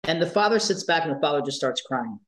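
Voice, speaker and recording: A man's voice: on the high side, expressive, fast talker, fairly bright tone, poor audio. A man, a life coach, telling stories in an interview, emphatic and repeating key phrases for weight. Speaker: life coach for trans and non-binary youth. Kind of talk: conversational interview storytelling.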